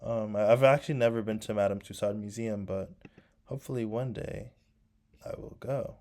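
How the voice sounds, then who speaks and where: Gravelly low-voiced young man rambling. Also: fairly even intonation, moderate pace, darkish tone. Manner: rambling and nostalgic, full of "like" and "um". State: sore throat. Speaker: vlogger. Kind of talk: casual chat while painting.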